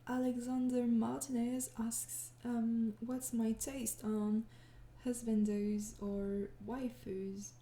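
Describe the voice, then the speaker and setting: A tired young woman answering viewer questions in a casual chat, soft-spoken and hesitant, with many pauses and shy laughs. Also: on the high side, level tone, echoey room.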